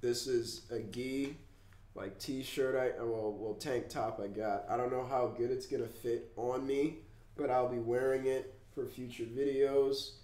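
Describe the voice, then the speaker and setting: A man vlogging in an emotional rant, congested and upset, swearing and swinging between loud outbursts and low mumbles. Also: steady tone, measured pace, roomy sound. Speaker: YouTuber.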